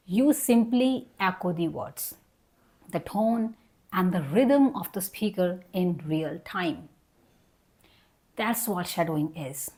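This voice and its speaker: Woman, young adult, English teacher, online lesson, patient explaining, repeats example sentences, lowish voice. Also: a little mellow.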